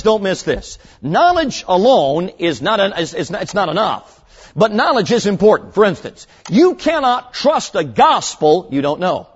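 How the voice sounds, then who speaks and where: A man preaching with a high voice that rises and falls with feeling. His tone is a little husky, and he stresses key words slowly and earnestly. He sounds muffled, with a long reverb trailing off in a large hall. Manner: tells stories with short acted voices. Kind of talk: sermon.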